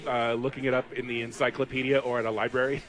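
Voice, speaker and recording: A man in his thirties rambles through a casual podcast chat over drinks, his voice at a plain middle pitch. He circles his points with lots of fillers and restarts. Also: little pitch movement, quick pace, fairly bright tone. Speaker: podcast co-host. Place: bar.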